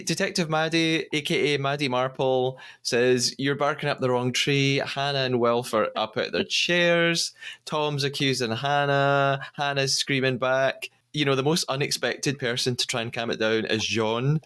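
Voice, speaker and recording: A British man hosting a podcast, retelling a reality show episode in a lively, storytelling way with frequent laughs. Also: medium pitch. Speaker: podcast host. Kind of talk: casual podcast recap.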